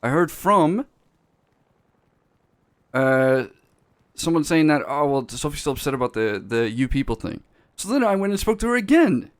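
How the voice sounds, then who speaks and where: A man's voice: on the high side, animated, moderate pace, pauses often, no echo, clean studio sound, close to an everyday voice. A man playing a blunt, defensive male boss who swears freely, does not speak English natively, and keeps restarting his words. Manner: profane, blunt, self-justifying, restarts words. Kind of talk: in-character role-play talk.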